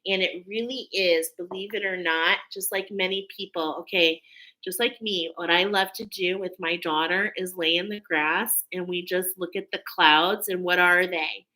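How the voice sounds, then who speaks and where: A woman's voice: on the low side, pushed and bright, low-quality recording. A woman in her thirties hosting a spiritual oracle reading, speaking in an affirming, casual way and often checking in with "okay?". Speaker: spiritual channel host, oracle reader. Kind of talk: casual spiritual guidance talk.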